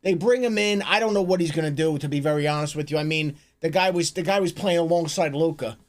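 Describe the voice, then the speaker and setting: A man co-hosting a live stream, talking sports in a casual, animated way, swearing and stumbling over restarts. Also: a little high, quick pace. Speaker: streamer co-host.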